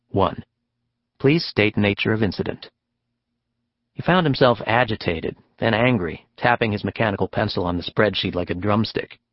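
A man narrating an audiobook in a steady, measured reading. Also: fairly low pitch, no room sound, muffled recording. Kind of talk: scripted narration.

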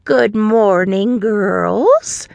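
A woman voicing an eccentric elderly grandmother in an audiobook, high and crooning with a sing-song lilt. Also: extremely slow, vocal fry, darkish tone, no room sound, dull audio. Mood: cheery. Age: older. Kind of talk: audiobook character voice.

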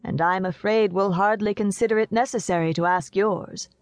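A woman voicing a middle-aged father who speaks low, sadly and in a measured way in an audiobook. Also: fairly even intonation, no echo, close to an everyday voice. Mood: grave.

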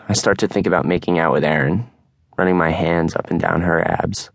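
A young man narrating an audiobook in the first person, calm and steady in a close studio recording. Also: low-pitched, no room sound.

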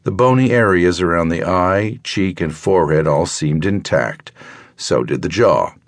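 Deep-voiced male audiobook narrator. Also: measured pace, dry recording, clean studio sound. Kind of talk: scripted narration.

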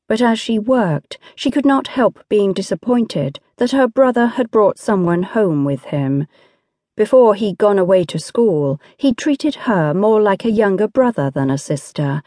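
A woman reads an audiobook in a measured, expressive way, her voice at a medium pitch. This is scripted narration, captured as a dry recording with clean studio sound.

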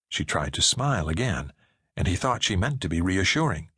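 A low, husky male voice reads a suspense audiobook with a lively, shifting pitch. The delivery is measured and expressive. The sound is dry and close to the mic. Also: dry recording. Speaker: audiobook narrator. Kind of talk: scripted narration.

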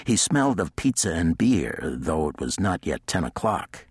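Low husky male narrator, dry close read. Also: big pitch swings, normal speed, no echo. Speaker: audiobook narrator. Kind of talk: scripted narration.

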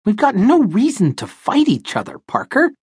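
Guy putting on a high rusty whiny old crook, bantam and touchy, dry close audiobook sound. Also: huge pitch swings, moderate pace, a little mellow, husky, dry recording, full character voice. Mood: wheedling. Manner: wheedling and easily offended. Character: wiry, chipper aging male small-time crook, touchy and whiny. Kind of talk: audiobook character voice.

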